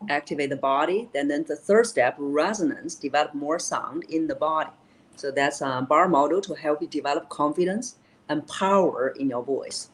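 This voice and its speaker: A woman's voice: low-pitched, poor audio. A woman voice coach explaining vocal technique in an interview, with many "uh" fillers and key phrases repeated.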